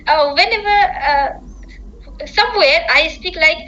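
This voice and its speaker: A woman's voice: very high-pitched, expressive, a little slow, pushed and bright, dull audio. A woman from Bihar with a Bihari accent, practicing English on a call, polite and eager, often laughing and saying "yes, sir". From Bihar, India. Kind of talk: casual conversation practice.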